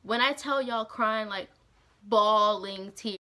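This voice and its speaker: A young woman vlogger speaks slowly in a mid-range voice as she tells a story. Her talk is animated and casual, slangy and foul-mouthed, and studded with "like".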